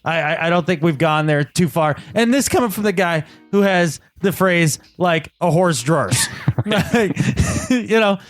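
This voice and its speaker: A man's voice: sits high, animated, unhurried, dry recording, soft background music. A man co-hosting a casual podcast, ranting in a joking, exasperated way. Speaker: podcast co-host. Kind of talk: casual chat.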